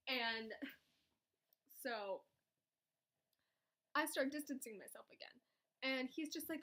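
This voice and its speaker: A young woman vlogger telling a story in casual chat, dramatic and chatty, jumping between loud outbursts and soft asides. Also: sits high, expressive, unhurried, long pauses.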